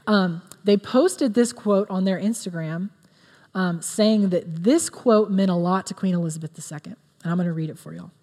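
A woman's voice: on the low side, moderate pace, dark tone. A woman giving a sermon in an earnest, conversational way, with many fillers. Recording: long reverb of a hall.

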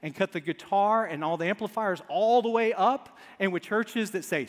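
A male pastor preaching a sermon to his congregation, telling stories with humor and swinging from quiet asides to loud emphasis. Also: on the high side, fairly quick, hardly any pauses. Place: church sanctuary before a congregation. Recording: long reverb of a large church hall.

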